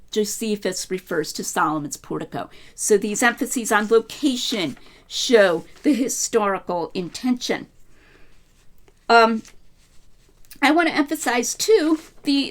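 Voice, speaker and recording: A woman's voice: medium pitch, a bit bright. A middle-aged woman giving an informal scholarly lecture, talking in a conversational way with frequent fillers and restarts.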